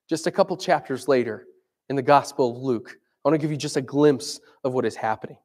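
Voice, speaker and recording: A man's voice: mid-range voice, a little fast, a little mellow. A man preaching a sermon in a conversational way, asking his listeners questions.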